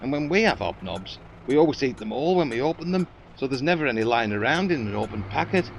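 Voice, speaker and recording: Northern english man, hesitant rambling storyteller, lively up-and-down voice, faint background noise. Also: medium pitch, quick pace, vocal fry. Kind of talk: comic improvised banter.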